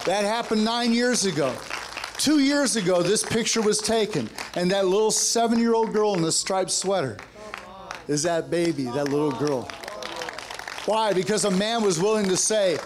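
A man's voice: sits high, expressive, moderate pace, crowd noise, noisy background. A man preaching a sermon at a men's gathering, telling a story and then building to fervent, rousing exhortation with joking, conversational asides.

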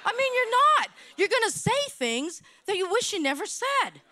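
A woman from Hawaii telling her testimony at church in an animated, dramatic style, repeating phrases for effect. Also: very high-pitched, normal speed. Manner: animated, dramatic storytelling with repetitions. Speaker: church speaker giving testimony. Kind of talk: sermon testimony.

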